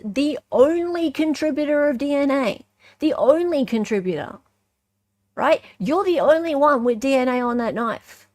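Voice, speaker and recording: An Australian woman hosting casual true-crime commentary, animated and sarcastic, who keeps tossing in "right?" as she talks. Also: high-pitched, no room sound, clean studio sound.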